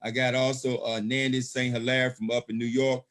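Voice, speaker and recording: A man on a video call giving a motivational pitch with emphatic, preacher-like repetition. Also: flat delivery, moderate pace, a bit bright. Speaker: gold savings promoter.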